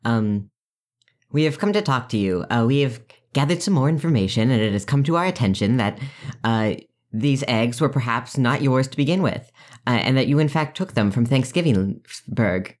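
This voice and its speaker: A man's voice: mid-range voice, lively intonation, close to an everyday voice. A man doing a prim polite robot. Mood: formal. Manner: formal, measured, unruffled.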